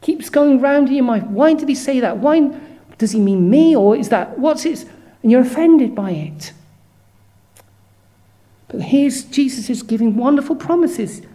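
A woman delivers a sermon at an unhurried, deliberate pace, earnest and measured. Her voice sits fairly high yet has a mellow, warm tone. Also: lively intonation. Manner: earnest, measured, reads scripture verses aloud. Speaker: preacher.

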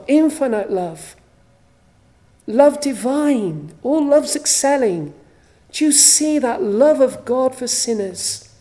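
A woman preaching a sermon at a church service, slow and emphatic, with repeated phrases for weight. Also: on the high side, mellow.

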